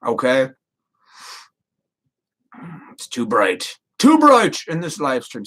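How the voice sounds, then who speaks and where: A man's voice: medium pitch, very animated, measured pace, fairly bright tone. A man in his thirties rambling casually and profanely to viewers on a live stream. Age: 30s.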